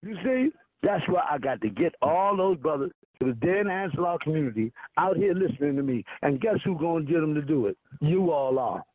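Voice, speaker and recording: A man with a high, husky voice preaches in loose, animated street talk, swearing freely and pausing for listeners to finish his sentences. The sound is dry and thin, like a phone line. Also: no echo. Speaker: spiritual teacher. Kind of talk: casual preaching talk on a call. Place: outdoors in a park.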